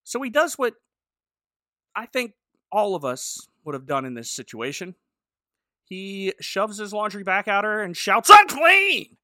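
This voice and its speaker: Man, podcast co-host, high bright voice, sarcastic recap, dry close sound. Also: lively intonation, unhurried, pauses often, no echo. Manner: sarcastic, jokey storyteller. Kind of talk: casual chat recapping a TV episode.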